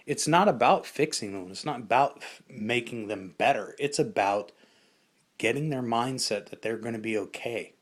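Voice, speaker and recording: A man's voice: mid-range voice, normal speed. A middle-aged man, a survival instructor, giving a casual, conversational talk with frequent fillers and restarts.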